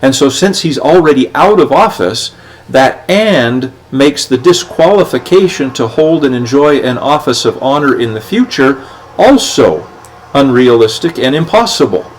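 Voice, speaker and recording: A plainspoken man hosts his own show, reading out formal legal wording and then breaking it down in everyday terms. His voice sits at an ordinary middle pitch. He stumbles now and then, restarting phrases and filling gaps with "uh.". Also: animated, rough recording. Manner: plainspoken, halting with many fillers and restarts. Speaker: podcast host. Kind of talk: reading and explaining legal documents.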